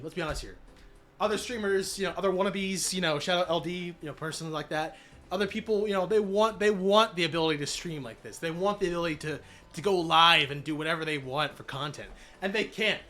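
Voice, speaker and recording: A man streaming live, recapping his channel's year in a casual, energetic way with many fillers and shout-outs, voice cracking after being sick. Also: a little high. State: recovering from illness, voice cracking.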